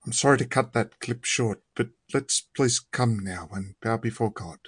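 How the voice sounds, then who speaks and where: A man, preaching a conversational sermon and then leading a prayer, often pausing on fillers. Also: mid-range voice, a bit bright, husky, dry recording, studio quality.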